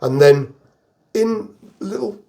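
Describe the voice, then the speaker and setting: An older English veteran recounts his service days in a relaxed, rambling way. His voice has a gravelly, creaky edge. He chuckles his way through the stories. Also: fairly high pitch, slow pace. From England. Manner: rambling anecdotal storyteller, chuckles through jokes. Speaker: army veteran guest. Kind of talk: casual storytelling interview.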